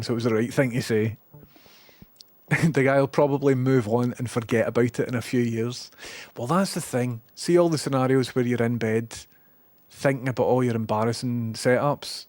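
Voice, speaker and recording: A man's voice: medium pitch, a little mellow. A man with a Scottish accent chatting casually on a livestream, rambling, sweary and self-deprecating.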